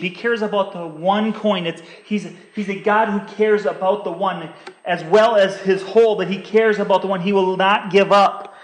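A man's voice: sits high, reverberant. A male pastor preaching a sermon, making earnest, repeated appeals to his listeners and often restarting his phrases.

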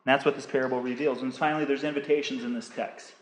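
A man's voice: medium pitch, fairly even intonation, fast, roomy sound. A male pastor preaching a sermon, making earnest, repeated appeals to his listeners and often restarting his phrases.

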